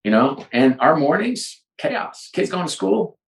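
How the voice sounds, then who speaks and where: A man's voice: a little high, unhurried, gravelly. A middle-aged man, a business leader, talking in an interview, telling stories and acting out the dialogue. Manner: animated storyteller, acts out dialogue. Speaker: sports executive guest. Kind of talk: conversational interview. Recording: roomy echo.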